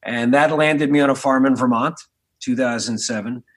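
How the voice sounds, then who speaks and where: A man in his forties from Philadelphia, a spirits entrepreneur appearing as a podcast guest, tells stories casually and animatedly in an interview. His mid-range voice moves at a moderate pace, with lots of restarts and the odd swear word.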